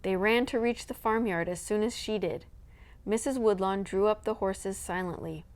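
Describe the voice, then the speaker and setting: A woman reading a children's novel aloud in an even, measured storytelling manner. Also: mid-range voice. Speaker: storybook reader.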